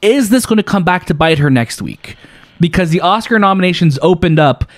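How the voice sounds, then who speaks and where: Male co-host, higher-pitched, dry close sound, casual chat, blunt and emphatic. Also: animated, brisk, dry recording.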